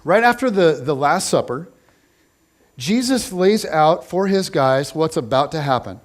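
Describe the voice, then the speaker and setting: A man's voice: a little high, lively intonation, unhurried. A man preaching a casual, conversational sermon, playful and chatty, acting out little scenes. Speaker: pastor.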